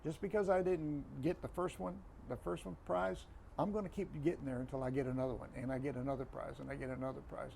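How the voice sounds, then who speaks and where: Fast gravelly older man telling stories. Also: mid-range voice, a little hiss or hum. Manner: animated, repeats phrases, acts out quoted dialogue. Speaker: guest, retired football referee. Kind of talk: storytelling in a podcast interview.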